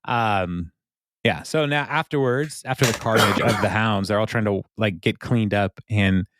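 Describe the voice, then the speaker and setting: A man's voice: fairly low pitch, a little slow, noisy background. Laughing, rambling man recapping episodes. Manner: rambling, laughs often, with many fillers. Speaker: podcast co-host. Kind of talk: casual chat recapping an episode.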